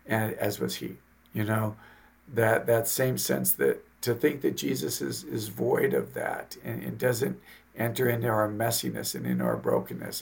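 Gravelly-voiced man reflecting on scripture. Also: on the low side. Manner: reflective, quotes scripture softly. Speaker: deacon, podcast co-host. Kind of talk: casual faith podcast chat.

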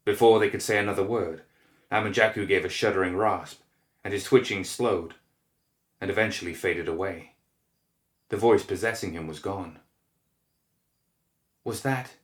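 A man narrating a dark fantasy story in a measured, grave manner, recorded in an echoey room. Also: low-pitched, steady tone.

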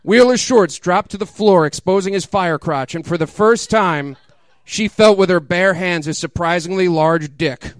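A man with a high, smooth, clear voice reads crude fiction aloud in a mock-dramatic style. He keeps laughing and breaking off into incredulous asides. The sound is close and dry. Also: normal speed, no echo. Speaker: comedic reader.

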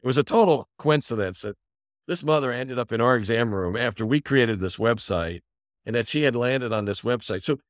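A middle-aged physician guest telling an animated story in a conversational interview, acting out the people he quotes. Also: medium pitch, brisk, dry recording, clean studio sound. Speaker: physician and company founder, podcast guest.

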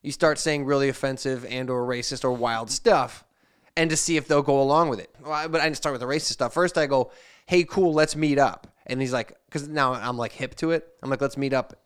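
A man's voice: mid-range voice, fairly even intonation, a little fast, fairly bright tone, clear, resonant tone. A man hosting a podcast, telling a rambling anecdote in casual chat and acting out the messages he quotes. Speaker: podcast host.

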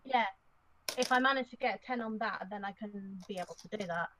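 A woman playing in a casual tabletop game, speaking in a halting, hesitant way. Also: medium pitch, noisy background. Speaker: player.

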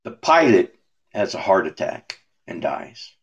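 Guy preaching slow and easy, lowish voice, lots of "you know" and restarts. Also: gravelly, dull audio. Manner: relaxed, repetitive restarts, rhetorical questions. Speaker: minister. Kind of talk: preaching conversation.

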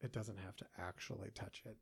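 A man's voice: on the low side, fairly even intonation, a little fast, gravelly, breathy edge. A man co-hosting a podcast in casual chat, often trailing off and restarting his sentences. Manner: hesitant, trailing off mid-sentence. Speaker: podcast co-host.

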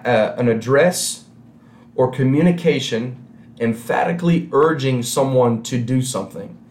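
A man delivers a sermon straight to a camera, with no congregation listening. His voice is mid-range and somewhat dark, the room reverberates, and there's a faint hiss or hum. He sounds conversational and repeats key phrases for emphasis.

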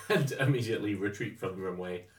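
A man playing in a tabletop game, speaking slowly and hesitantly with frequent ums. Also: lowish voice, reverberant, distant mic, slight background noise. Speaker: player.

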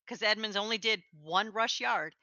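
A woman co-hosting a casual chat, animated and quick to laugh, with sarcastic asides. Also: mid-range voice, no echo, dull audio. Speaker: co-host.

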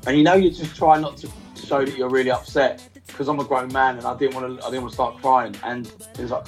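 A man's voice: medium pitch, flat delivery, fast talker, soft background music, low-quality recording. A man, telling a football fan story casually and acting out his friends' lines. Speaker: celebrity football fan guest. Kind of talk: casual anecdote.

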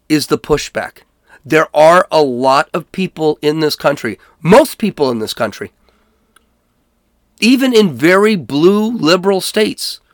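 A man hosts his solo podcast in an emphatic, worked-up rant, hammering points and repeating himself as he goes. His voice sits a little high for a man. The sound is dry and close, with no room around it. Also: no room sound. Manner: heated, emphatic ranting with repetitions. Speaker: podcast host. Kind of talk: solo political podcast monologue.

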